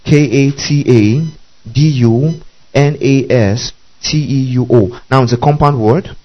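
A man's voice: medium pitch, slow pace, muffled recording. A man preaching a teaching sermon, repeating key phrases, spelling words letter by letter and often asking listeners if they follow. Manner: frequent checking questions to listeners.

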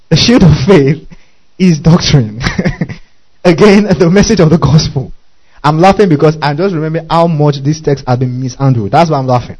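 A man's voice: a little high, normal speed, pauses often, a little mellow, poor audio. A man preaching a sermon, emphatic, often asking his listeners questions and stopping to spell out Greek words.

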